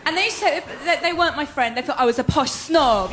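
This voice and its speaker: A woman doing a stand-up set, animated and wry, often mimicking other people. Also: very high voice, fast, hardly any pauses, roomy sound, a little hiss or hum. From London, England. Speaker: stand-up comedian.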